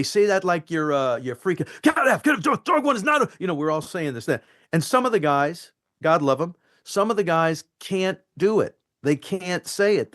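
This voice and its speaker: A man, an actor being interviewed, telling animated stories from film sets and acting out the lines. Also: on the high side. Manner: animated, acts out quotes and lines. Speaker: actor guest. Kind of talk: anecdotal interview storytelling.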